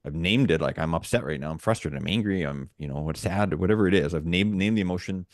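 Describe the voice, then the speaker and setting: Very deep-voiced earnest man. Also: quick pace, dry recording, clean studio sound. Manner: earnest, rambling with frequent restarts and fillers. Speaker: podcast co-host. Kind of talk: casual podcast chat.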